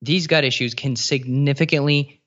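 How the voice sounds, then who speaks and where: A man talking as a nutrition guest in a casual interview, explaining eagerly with quick asides and restarts. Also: medium pitch, fairly even intonation, a bit bright, muffled recording.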